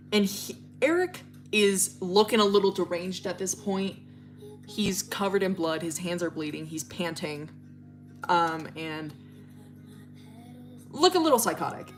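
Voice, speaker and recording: A woman's voice: lowish voice, a bit bright. A woman livestreamer casually retelling a story, rambling with lots of fillers and swearing. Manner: rambling, full of fillers and profanity.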